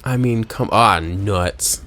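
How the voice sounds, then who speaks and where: A man commenting on a video game as he plays, joking and reading lines aloud, with loud exclamations and low mutters. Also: slow pace, slight background noise. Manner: lively, jokey, swings between loud exclamations and low mutters. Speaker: gameplay streamer.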